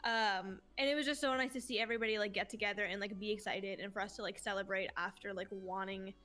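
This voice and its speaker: A woman's voice: medium pitch, fairly even intonation, quick pace, bright, forceful tone. A woman in her twenties, a streamer guest, telling stories in a casual interview in a gushing, heartfelt way and swearing casually.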